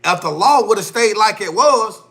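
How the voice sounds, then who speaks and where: High bright-voiced guy going off on his live stream, slangy and repetitive, keeps circling back. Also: expressive, moderate pace. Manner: heated, repetitive, slangy, loose grammar. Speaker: livestream host. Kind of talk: casual livestream rant.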